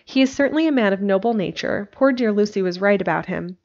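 A woman reading a classic novel aloud, steady with occasional slips and restarts. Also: medium pitch, quick pace. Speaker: narrator. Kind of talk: audiobook reading. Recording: dull lo-fi livestream recording.

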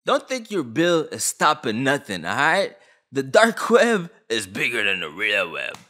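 A man's voice: mid-range voice, huge pitch swings, measured pace, sharp tone. A young man from Canada ranting on camera about a law, agitated, blunt and full of slang. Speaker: vlogger. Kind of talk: heated opinion rant.

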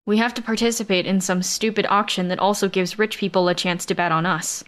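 A woman's voice: mid-range voice, fairly even intonation, brisk, a bit bright, close to an everyday voice. A sardonic young captive woman with a plain, matter-of-fact delivery, read by a woman narrator. Her voice stays close to the reader's own.

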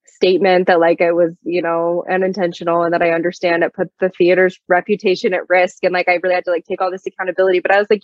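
A woman's voice: fairly low pitch, level tone, fast, few pauses, no echo. A young woman, a guest singer-songwriter, telling a story in a casual interview with a chatty manner and many fillers. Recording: dull lo-fi dry sound.

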